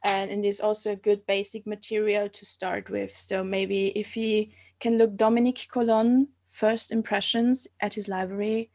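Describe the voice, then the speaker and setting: A woman's voice: mid-range voice, flat delivery, moderate pace, hardly any pauses, darkish tone. A woman in her twenties from Austria, speaking English with an Austrian German accent as an interview guest, hesitant and often restarting as she searches for words. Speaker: guest, archaeology master's student. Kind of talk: casual interview over a live stream.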